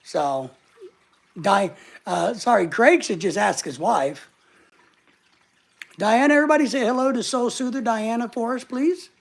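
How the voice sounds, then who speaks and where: A man hosts a casual livestream from his living room couch. He jokes around and reads out his viewers' comments. His voice has a gravelly, fry-edged texture. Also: very high-pitched, measured pace, long pauses. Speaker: livestream host. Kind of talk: casual live chat.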